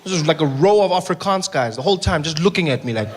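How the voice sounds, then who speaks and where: South African male comic, lively set, high register, noisy live recording. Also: fast talker. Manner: animated, switches into character voices. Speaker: stand-up comedian. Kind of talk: stand-up comedy set. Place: comedy venue with live audience. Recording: noisy live room recording, some echo.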